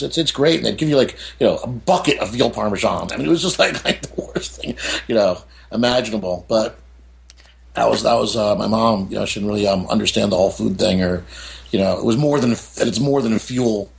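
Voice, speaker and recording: This middle-aged author from the United States has a gravelly voice on the low side and talks fairly quickly. As an interview guest, he shares frank stories, constantly slipping in "you know" and "I mean."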